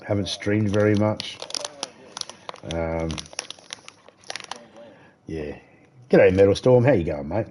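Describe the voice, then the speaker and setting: A man's voice: fairly low pitch, expressive, takes it slowly, long pauses, warm tone, a little hiss or hum. An Australian man chatting casually while streaming a game live, rambling easily and greeting viewers by name.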